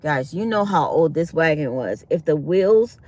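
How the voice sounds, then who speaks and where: A woman's voice: low-pitched, lively intonation, normal speed, a little mellow. A woman, chatting to her viewers on a casual livestream and acting out what people said. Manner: chatty, talks to viewers as y'all, acts out quotes. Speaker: livestream host. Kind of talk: casual live-stream storytelling.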